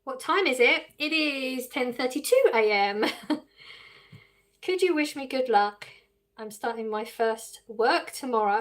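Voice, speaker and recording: A woman's voice: a little high, animated, normal speed, fairly bright tone. An English woman live streaming, reading viewers' questions aloud and answering them casually with frequent laughs. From England. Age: adult with children.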